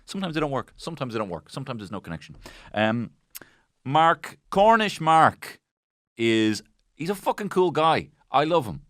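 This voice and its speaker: Guy rambling and swearing through a comedy recap, bright voice that jumps all over, dry close sound. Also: mid-range voice, big pitch swings, moderate pace, no room sound. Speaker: podcast host. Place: podcast studio.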